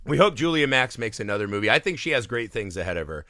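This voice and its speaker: A man's voice: medium pitch, big pitch swings, quick pace, pushed and bright, no echo, clean studio sound. A man co-hosting a movie podcast in casual, profane chat, acting out characters' lines as he goes. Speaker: podcast co-host.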